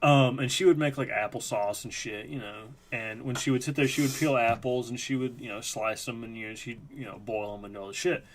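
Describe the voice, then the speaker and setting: A man's voice: medium pitch, fairly quick, hardly any pauses, a little hiss or hum. A man hosting a live stream, telling a rambling, profane story in a casual chat. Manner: rambling, profane, lots of fillers.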